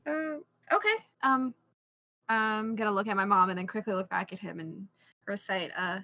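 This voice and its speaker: A woman playing in a tabletop game, playful and excitable. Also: mid-range voice, moderate pace. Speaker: player.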